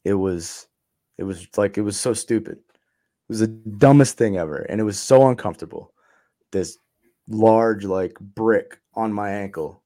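A man's voice: fairly low pitch, measured pace, warm tone. Casual, cursing man telling his story. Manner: profane, laid-back, trailing off with ums and laughs. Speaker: interview guest.

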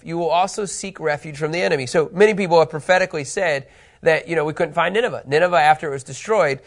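A middle-aged man with a slightly raised voice leads a Bible lesson. He is animated and talks to the room casually, regularly stopping to check that his listeners are following along. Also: on the high side. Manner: animated, keeps asking "okay?" to check understanding. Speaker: Bible teacher. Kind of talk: Bible teaching.

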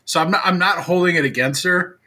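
Bright-voiced man telling a rambling story. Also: sits high, a little fast. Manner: rambling storyteller, many filler words. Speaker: podcast co-host. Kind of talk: casual chat.

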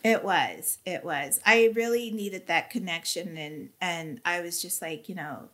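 A woman being interviewed, giving an emotional personal testimony with halting, earnest speech and fighting back tears. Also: fairly low pitch, fairly bright tone. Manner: earnest, halting, with many fillers. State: tearful, near crying.

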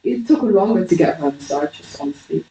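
Fast-talking young English woman, roomy sound. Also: on the low side, expressive, dark tone, recorded from a distance. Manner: fast-talking, slangy, drops th to f. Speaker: podcast co-host. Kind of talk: casual chat.

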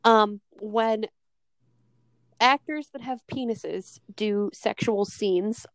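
A woman co-hosting a podcast in casual chat, animated and swearing freely, often acting out scenes. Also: mid-range voice, slow, dry recording, clean studio sound. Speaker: podcast co-host.

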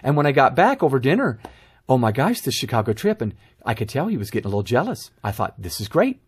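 A middle-aged man, a guest author on a talk show, telling parenting stories in a casual, animated way. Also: mid-range voice, quick pace, slightly rough. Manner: storytelling, animated anecdotes.

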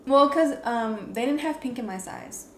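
Playful woman with a lively voice. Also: fairly high pitch, moderate pace, echoey room. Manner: playful, teasing, laughs often. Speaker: podcast co-host. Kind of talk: casual chat.

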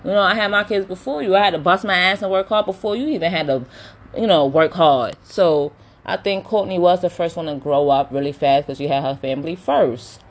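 A chatty woman with a slightly low voice, giving her frank opinions as she recaps a reality show episode. She talks casually, scattering um and you know through her sentences. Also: a little fast. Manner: chatty, opinionated, animated retelling with quoted voices; many fillers like um and you know. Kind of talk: casual chat.

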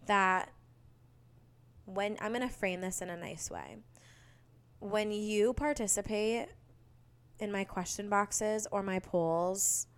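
A woman's voice: medium pitch, clean tone. A young woman in her twenties hosting her own podcast, chatting casually and gushing, full of "like" and "um". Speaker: podcast host. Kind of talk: casual solo podcast chat.

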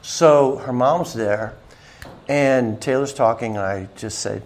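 Musician guest, male, a gravelly voice, casual animated storyteller. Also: slow pace. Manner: animated storyteller, raises pitch to imitate others. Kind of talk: casual chat.

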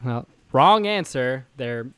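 A man's voice: medium pitch, animated, slow pace, fairly bright tone, clean tone. A young man co-hosting a casual podcast chat, teasing his friend and laughing often. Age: young adult. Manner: teasing, laughing, mock voices for jokes. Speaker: podcast co-host.

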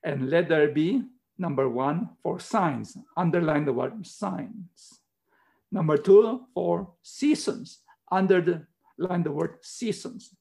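A man's voice: on the high side, slow pace, vocal fry, darkish tone. A middle-aged man preaching a sermon in earnest, emphatic, simple English, repeating his key words. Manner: non-native English, simple phrasing.

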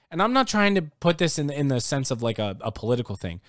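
A young man ranting in a casual sports talk, exasperated and getting louder and higher when he is worked up. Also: big pitch swings, quick pace, few pauses, no room sound, clean studio sound. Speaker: sports commentator.

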